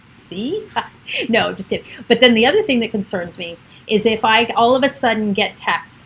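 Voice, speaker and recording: A middle-aged woman with a slightly high voice chats on a home livestream, rambling from one thought to the next. She laughs often. A faint hiss sits under her voice. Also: lively intonation, brisk, fairly bright tone, poor audio. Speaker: livestream host. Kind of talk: casual chat on a livestream. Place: home with children and pets around.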